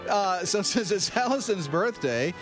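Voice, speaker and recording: A man's voice: high voice, expressive, unhurried, over music. A man hosting a radio morning show, joking playfully and laughing often.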